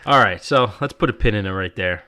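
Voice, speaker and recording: A man's voice: fairly low pitch, a little fast, sharp tone. A man hosting a casual podcast, telling stories in a loose, chuckling way with a New Jersey accent. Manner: laid-back, chuckling, loose storytelling. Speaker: podcast host. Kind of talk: casual chat.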